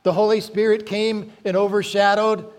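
His voice sits high with little movement in pitch as the pastor preaches, reading from scripture and drawing out key words slowly for emphasis.

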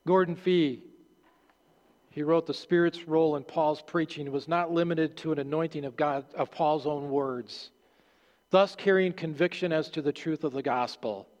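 A male pastor preaching a sermon, earnest and halting, restarting phrases and dropping low at the ends of lines. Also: steady tone, a little mellow. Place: church sanctuary. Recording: long hall reverb.

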